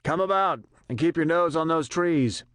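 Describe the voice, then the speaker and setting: A man's voice: a little high, normal speed, fairly bright tone, no room sound, studio quality, voice pushed up, close to an everyday voice. A man playing a ruthless commanding general. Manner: hard, threatening orders.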